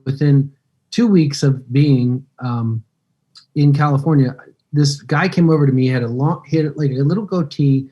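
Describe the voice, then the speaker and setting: A man in his fifties, an actor being interviewed, telling stories in a relaxed, rambling way. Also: mid-range voice, highs cut off. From United States. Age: 50s. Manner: relaxed, rambling, acts out quoted dialogue. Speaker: guest actor. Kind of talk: casual interview storytelling.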